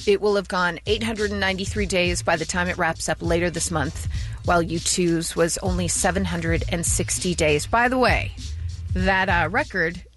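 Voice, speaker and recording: A woman's voice: lowish voice, steady tone, moderate pace, a bit bright, faint music behind. A woman hosting a radio show, reading entertainment news and teasing her co-hosts. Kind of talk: morning radio banter.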